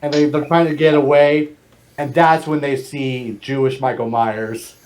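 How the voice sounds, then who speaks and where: A man's voice: mid-range voice, little pitch movement, measured pace, darkish tone. A man co-hosting a casual podcast chat, explaining plot points hesitantly with many fillers and restarts. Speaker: podcast co-host.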